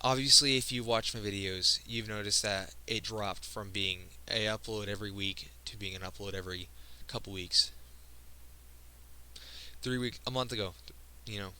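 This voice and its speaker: A teenage guy talks straight to his viewers, sounding emotional. His tone is very bright and cutting, set in a fairly low register. He speaks earnestly and keeps breaking off mid-sentence to start over. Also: clean tone, poor audio. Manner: earnest, halting, frequent restarts. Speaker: video creator. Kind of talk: personal vlog monologue.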